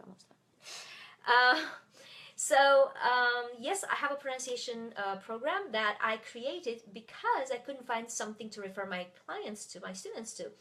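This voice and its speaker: A woman's voice: on the high side, fairly bright tone. French-accented woman teaching, chatty with fillers. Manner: chatty, many fillers and restarts. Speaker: French tutor. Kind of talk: live webinar teaching.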